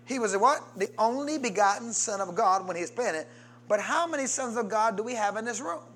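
This pastor preaches briskly with lively intonation, coaxing the congregation to answer him. Loud, emphatic calls give way to quiet asides, over a faint hiss or hum.

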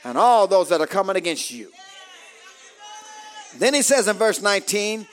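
A man preaching a call-and-response sermon, shouting rising phrases and calling out to the congregation for amens. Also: high voice, big pitch swings, moderate pace, pauses often, a faint crowd.

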